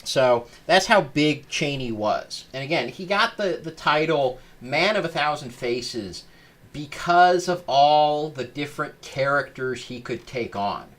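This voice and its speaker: Halting, rambling podcast host, a man. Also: on the high side, lively intonation, fairly bright tone. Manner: halting, rambling, with many fillers. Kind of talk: casual live-stream talk.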